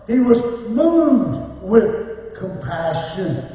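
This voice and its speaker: A man's voice: high-pitched, very animated, extremely slow, warm tone. A male pastor preaching a sermon, emphatic, at times breaking into a sung, chanting cadence. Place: church sanctuary. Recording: echoey church hall, mic at a distance.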